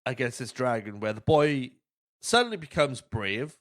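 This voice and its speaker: A man's voice: medium pitch, very animated, moderate pace. A man hosting a podcast, chatting casually about a movie, swearing often and acting out quotes. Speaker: podcast host.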